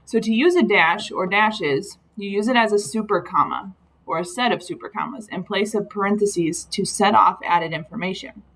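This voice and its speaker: In a recorded slide lesson, a woman teacher patiently explains grammar slides, saying um frequently. Her voice is medium pitched and a bit bright at a moderate pace, and the recording quality is low.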